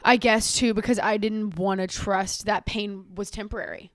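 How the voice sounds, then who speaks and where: A woman's voice: medium pitch, fairly even intonation, moderate pace, dry recording, clean studio sound. A young woman hosting a podcast, talking candidly and emotionally in a rambling way, often repeating words as she opens up. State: tearful at times. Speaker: podcast host. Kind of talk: candid personal monologue. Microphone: own camera.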